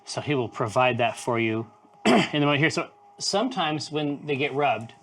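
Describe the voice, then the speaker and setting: A man co-hosting a live brewing stream in loose, joking chat, who swears and now and then sings softly to the brew. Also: medium pitch, normal speed, slight background noise.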